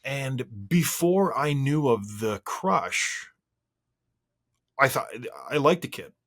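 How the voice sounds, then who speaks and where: A man in his forties chats his way through a solo podcast at a medium pitch. He rambles and restarts sentences, and his voice swings up and down as he tells stories. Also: expressive, slow, a bit bright. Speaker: podcast host. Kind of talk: casual solo podcast chat.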